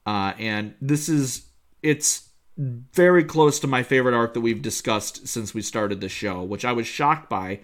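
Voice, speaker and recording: A man co-hosting a casual chat show, talking with excitement and wandering through his points with plenty of fillers. His voice sits at an ordinary middle pitch. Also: measured pace. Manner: enthusiastic, rambling with many fillers. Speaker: podcast co-host. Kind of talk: casual chat reviewing an episode.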